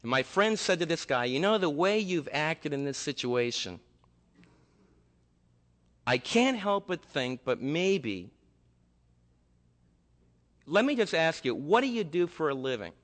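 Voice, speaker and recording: A man preaching a sermon, telling a story in a lively, conversational way to his congregation. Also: on the high side, a little slow, long pauses, long reverb tail. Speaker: pastor.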